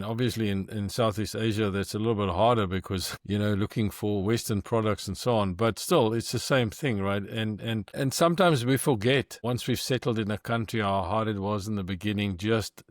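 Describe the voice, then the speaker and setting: Reflective low-voiced male podcast host. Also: moderate pace, no room sound, clean studio sound. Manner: reflective, hesitant, many fillers. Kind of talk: casual chat.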